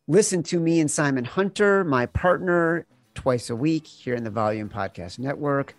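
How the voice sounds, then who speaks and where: A male podcast host with a fairly high voice teases his guest and runs the show in a brisk, chatty way. The sound is dry and close, with no room echo. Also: expressive, faint music behind. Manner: teasing, brisk wrap-up. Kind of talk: casual podcast chat.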